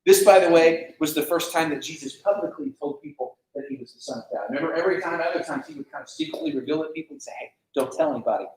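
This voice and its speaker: A man teaching a casual Bible lesson to students, animated, asking the class questions and acting out quotes. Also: a little high, quick pace, few pauses. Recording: echoey room, mic far off.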